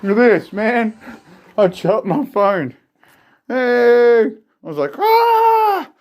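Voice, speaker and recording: Male vlogger, high voice, rambling and jumpy, phone mic. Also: slow pace. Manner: rambling, jumpy, talks straight to his viewers. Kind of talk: rambling casual phone vlog.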